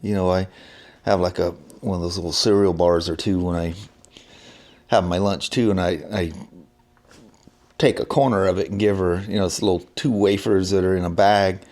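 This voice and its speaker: A man's voice: deep voice, a little mellow. A middle-aged man vlogging casually, telling a family story in a rambling way with lots of fillers and restarts.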